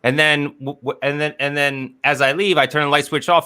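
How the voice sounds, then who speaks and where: A man speaking as an interview guest over a video call from his office. His voice sits high and sounds bright and forward. He talks earnestly and loops back over words while he finds his point. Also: fairly even intonation, brisk, smooth. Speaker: guest, business strategist. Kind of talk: casual interview chat.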